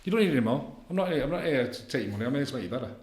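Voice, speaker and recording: A man's voice: medium pitch, expressive, rapid-fire, darkish tone. A middle-aged man, a counsellor talking bluntly in a casual podcast interview, repeating himself and leaning on tag questions. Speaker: addiction counsellor guest. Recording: roomy echoey room.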